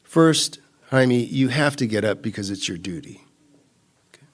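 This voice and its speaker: A man voicing an exasperated father who keeps shouting at his son to get out of bed. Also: medium pitch, lively intonation, normal speed, lightly acted. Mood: patient, teasing. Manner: shouting, insistent, repeats the name.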